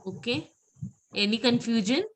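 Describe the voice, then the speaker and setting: A woman teaching a French pronunciation class, drilling words slowly and patiently. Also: on the high side, slight background noise, rough recording.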